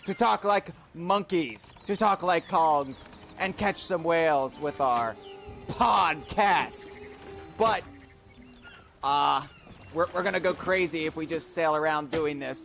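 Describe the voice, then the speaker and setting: A man's voice: fairly high pitch, fairly bright tone, slight background noise. A man hosting a comedy podcast, improvising banter in a pirate persona and often stammering and rambling as he jokes. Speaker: podcast host.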